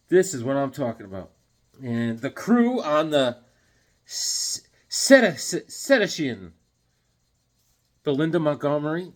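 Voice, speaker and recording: Excitable man gushing over comics. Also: fairly high pitch. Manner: enthusiastic, excitable, joking. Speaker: comic collector vlogger. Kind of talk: casual chat showing comics.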